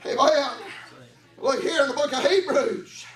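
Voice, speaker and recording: A man preaching a fervent sermon in church, chanting with a gasped "huh" after phrases and often shouting. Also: extremely high pitch, measured pace. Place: church sanctuary. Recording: echoey, distant mic, congregation audible.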